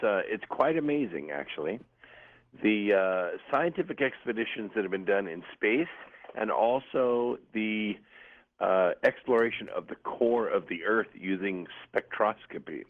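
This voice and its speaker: Low voiced guy phoning into a radio show, keen explainer, tinny phone sound. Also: lively intonation, a little slow. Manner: explanatory, enthusiastic, with fillers. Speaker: guest on a phone line.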